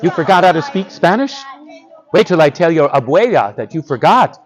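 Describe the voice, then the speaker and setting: A male storyteller telling a folktale live to schoolchildren, animated and drawing the audience in. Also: on the high side, normal speed, a faint crowd.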